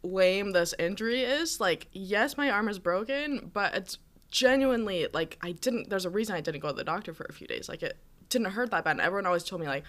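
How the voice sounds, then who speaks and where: A woman's voice: medium pitch, animated, fairly quick, a bit bright. Chatty twenties woman telling a story. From United States. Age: 20s. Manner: rambling storyteller, lots of fillers and laughs. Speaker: teacher. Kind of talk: casual chat.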